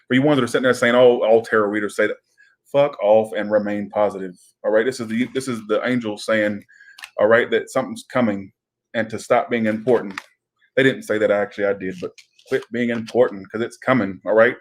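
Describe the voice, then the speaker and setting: A man's voice: on the low side, steady tone, a little fast. A man giving a casual tarot reading, chatty and rambling, with frequent swearing and asides. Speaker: tarot reader.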